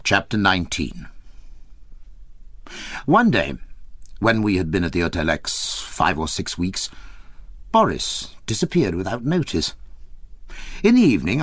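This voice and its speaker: A man reading an audiobook, telling the story in an expressive, wry way. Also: sits low, normal speed, no echo, clean studio sound. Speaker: audiobook reader. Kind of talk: audiobook narration of a memoir.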